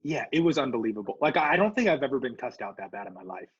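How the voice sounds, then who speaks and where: Lo-fi audio captures a rapid-fire, slightly rough mid-range voice belonging to a Southern California man co-hosting a podcast. He narrates a story in casual talk, animatedly imitating the voices of those he quotes.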